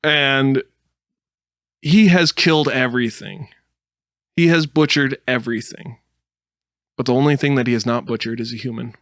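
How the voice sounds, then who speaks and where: A man's voice: medium pitch, normal speed, no echo. Man telling a story on a dry mic. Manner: animated storytelling with laughs and silly put-on voices. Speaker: podcast co-host. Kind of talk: casual chat.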